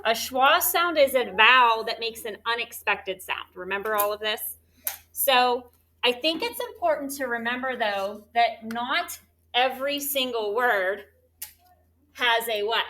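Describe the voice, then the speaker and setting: Bright, slightly high woman teacher leading a third grade class through coaxing phonics drills. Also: a little slow, slight background noise. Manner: animated, coaxing call-and-response questions.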